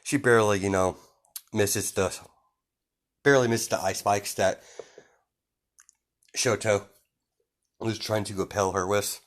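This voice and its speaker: A man's voice: lowish voice, fairly even intonation, measured pace, long pauses. Rambling man telling a fan story. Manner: rambling, many fillers and restarts, laughs often. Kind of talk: casual improvised storytelling.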